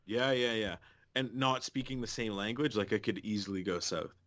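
A man co-hosting a podcast, casually telling a lively travel story and swearing often. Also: lowish voice, normal speed. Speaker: podcast co-host.

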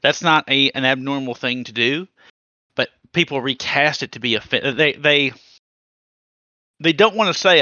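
A man co-hosting a podcast in casual chat, animated and swearing, with many restarts. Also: mid-range voice, moderate pace, no room sound, lo-fi sound. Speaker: podcast co-host.

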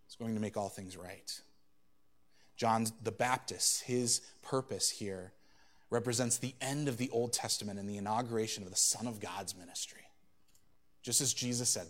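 A man preaching a sermon, swinging between loud emphatic peaks and quiet low asides, acting out quoted exchanges in a conversational voice. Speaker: pastor.

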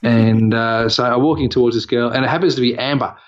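A man's voice: medium pitch, steady tone, quick pace. Picture an Australian man spinning a long anecdote in casual chat, voice sitting in a middling register. He wanders, restarts and fills gaps with "um" as he goes. The sound is a little dull and lo-fi. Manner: rambling anecdotal, many fillers and restarts. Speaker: podcast co-host.

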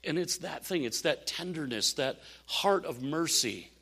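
An older man preaching a sermon, telling animated stories with laughs and asides. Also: a little high, unhurried, slightly rough. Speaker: pastor.

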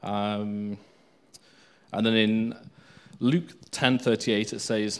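A man's voice: fairly low pitch, unhurried. A man giving an informal Bible teaching, reading scripture aloud between unscripted remarks full of fillers and restarts.

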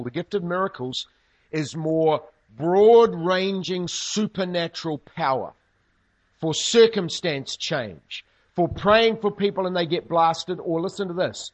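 A pastor preaches a sermon, telling stories with lively, humorous asides. His voice is fairly high and moves at a moderate pace.

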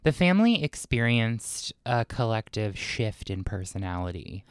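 A man's voice: lowish voice, sing-song, normal speed, clear, resonant tone, no room sound, clean studio sound. A man co-hosting a podcast, telling a story from prepared notes and breaking into chatty asides. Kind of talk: casual storytelling chat.

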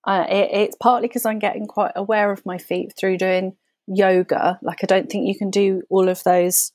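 A woman's voice: mid-range voice, flat delivery, normal speed, darkish tone, no room sound, studio quality. A woman co-hosting a podcast, talking candidly and rambling with giggles. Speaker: podcast co-host. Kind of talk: casual podcast chat.

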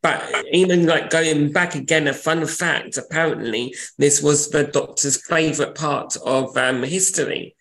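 A man's voice: on the high side, fairly even intonation, a little slow, vocal fry, hardly any pauses, fairly bright tone, rough recording. A man, chatting enthusiastically and a little ramblingly as a podcast co-host. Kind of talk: casual chat.

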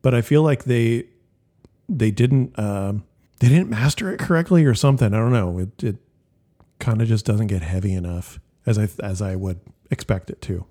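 A man's voice: lowish voice, normal speed, warm tone. A man co-hosting a music podcast, talking casually and rambling with fillers and restarts. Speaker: podcast co-host.

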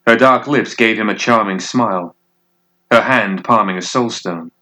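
A man reading a piece of fiction aloud as narrator, in a measured, deliberate way. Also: fairly low pitch, bright, forceful tone.

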